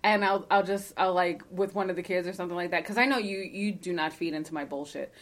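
A woman co-hosting a casual podcast, talking in an animated way, swearing and laughing often as she reads a listener letter. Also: on the low side, quick pace. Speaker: podcast co-host.

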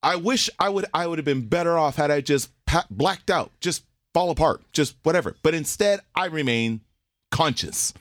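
Recorded at studio quality with no echo, this forties-aged podcast co-host speaks at normal speed while recounting a funny story in casual conversation. His delivery is animated, and he imitates the characters' voices with large leaps in pitch.

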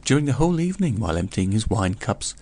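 A man's voice: fairly low pitch, very animated, fast talker, darkish tone. A man voicing a gossipy older male curiosity vendor who tells a grim tale in a chatty, meditative way. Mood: storytelling.

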